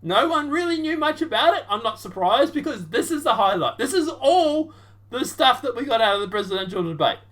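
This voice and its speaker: A woman with a high voice talks over debate clips in a loose, sarcastic vlog style. She rambles, restarts her sentences and slips into mocking voices as she argues her point. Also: big pitch swings, fairly quick. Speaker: political commentary vlogger. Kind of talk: casual reaction commentary.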